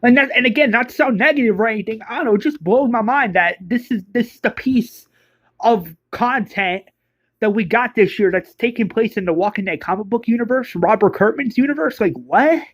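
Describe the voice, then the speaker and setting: High-voiced, exasperated male reviewer. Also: a little fast, a bit bright, dry recording. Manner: exasperated, rambling with stammered restarts and swearing. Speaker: book reviewer. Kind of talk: casual spoken review.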